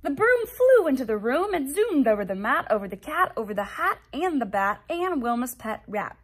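A woman, a teacher, reading a children's picture book aloud in a sing-song, expressive way. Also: high-pitched, moderate pace.

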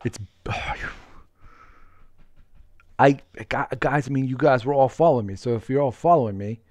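A man streaming a game live, chatting with viewers, greeting them by name, laughing often and getting excited. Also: medium pitch, moderate pace, dry recording. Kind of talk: live gameplay commentary with viewers.

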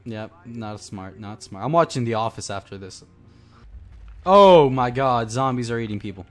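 A man's voice: fairly low pitch, fairly quick, soft background music. A young man commentating a horror game, easily scared and yelping when startled. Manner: jumpy, yelps and shouts when scared. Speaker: gamer playing a horror game. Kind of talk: casual let's play commentary.

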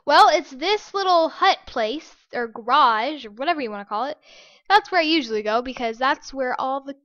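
A woman giving casual gameplay commentary as a channel host, excitable and quick to gasp and shriek when startled. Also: high voice, no echo, muffled recording.

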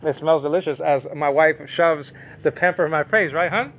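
A man teaching the Bible in a casual, rambling monologue, often correcting himself and slowly reading out Greek words. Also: a little high, steady tone, fairly bright tone.

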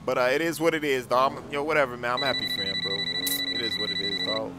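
A young man in excitable, slangy game role-play commentary with loud outbursts. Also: mid-range voice, fast, very noisy. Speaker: gaming YouTuber.

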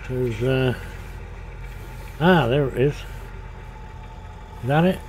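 Older guy streaming a farm game, slow rambly chat, soft engine hum behind. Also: mid-range voice. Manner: rambling, chatty, drifting between game and old stories. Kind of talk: casual chat while playing a farming game.

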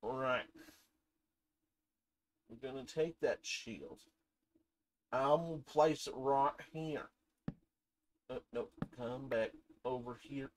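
A woman giving casual gameplay commentary, rambling from low mumbles to excited shrieks and talking to the game's items. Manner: talks to game items, swears casually. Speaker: gaming channel host.

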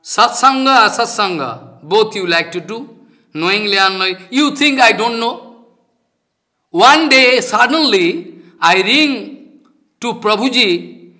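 Emphatic high-voiced older spiritual teacher. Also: male voice, expressive, slow pace, pauses often, bright, forceful tone. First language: Bengali. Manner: emphatic, repetitive, non-native phrasing. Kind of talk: devotional lecture.

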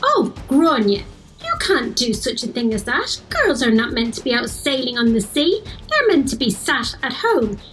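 A woman's voice: fairly high pitch, sing-song, moderate pace, a bit bright, soft background music. A woman voicing a stern, proper noblewoman mother who scolds her daughter in a prim tone in a children's story. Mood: prim scolding.

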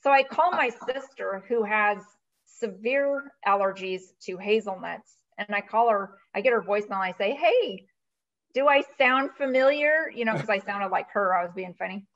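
A woman's voice: medium pitch, normal speed, muffled recording. Chatty woman telling a story. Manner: chatty, animated storyteller, many "you know" fillers. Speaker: guest, virtual CFO. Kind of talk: casual storytelling interview.

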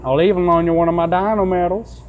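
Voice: mid-range voice, fairly even intonation, fast talker, a little mellow, slight background noise, lightly acted, low-quality recording. A player voicing a folksy, swaggering cowboy fossil-fighting champion with a put-on country twang. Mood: boisterous.

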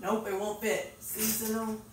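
A woman's voice: fairly high pitch, level tone, unhurried, noisy background. A woman, chatting casually and thinking aloud with lots of fillers as she organizes her home kitchen. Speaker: vlogger. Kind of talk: casual chat while organizing. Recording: very echoey room, mic at a distance.

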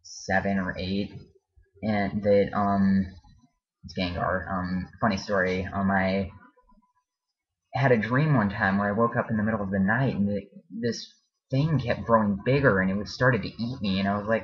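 Low husky man rambling in a vlog. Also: steady tone, moderate pace. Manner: hesitant, full of ums and restarts. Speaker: vlogger. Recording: dull lo-fi home video.

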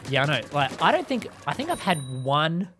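A live game streamer giving excitable commentary while playing, laughing and taunting opponents and chatting with viewers. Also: medium pitch, a little fast, slight background noise. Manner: chats with viewers and thanks them. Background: game music.

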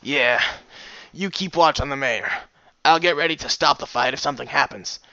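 A man's voice: normal speed, pushed and bright, no echo, highs cut off. A man doing a blunt pegasus explorer woman. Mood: determined. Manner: blunt, clipped, raised pitch. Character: bold female pegasus explorer, blunt and serious.

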